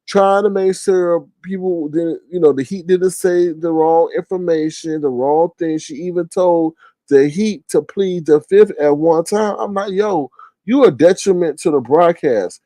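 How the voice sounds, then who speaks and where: A man's voice: fairly high pitch, measured pace, dry recording. Brief: male commentator, casual and slangy, hammers points by repetition, close dry sound. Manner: animated, slangy, repeats phrases for emphasis.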